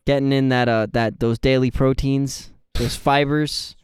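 A man's voice: medium pitch, level tone, measured pace, darkish tone, clean tone, no echo, studio quality. A young man co-hosting a podcast, chatting casually and telling rambling, jokey stories. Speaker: podcast co-host.

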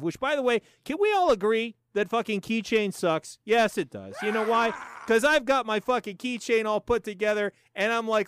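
A man's voice: high voice, smooth, dry recording, studio quality. A man in his forties hosting a profane, sarcastic commentary show, ranting with lots of swearing. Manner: animated, sarcastic, swears a lot. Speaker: show host.

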